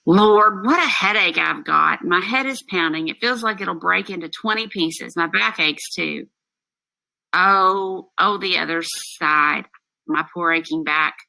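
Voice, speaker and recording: A woman's voice: lowish voice, creaky, sharp tone, dry recording, heavily acted, poor audio. Woman reading a fussy old nurse. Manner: reads aloud plainly from the text. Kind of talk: classroom play reading.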